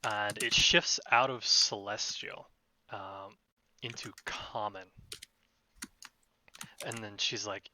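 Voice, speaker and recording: Slow, bright game master man. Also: lowish voice, steady tone, slight background noise. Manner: slow, halting narration with many fillers. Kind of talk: narrating a tabletop game.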